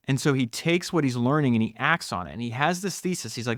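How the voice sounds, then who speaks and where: Man, podcast host, solo monologue, enthusiastic, laughing asides, mid pitch, dry recording. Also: animated, fast, few pauses, a bit bright, no room sound.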